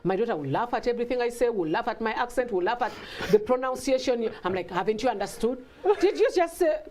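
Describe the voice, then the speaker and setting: A woman's voice: on the high side, fast, slight background noise. A middle-aged woman with a Ugandan accent, a guest in an interview, talking casually and acting out family exchanges with laughter. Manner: animated, acts out family dialogue with laughter.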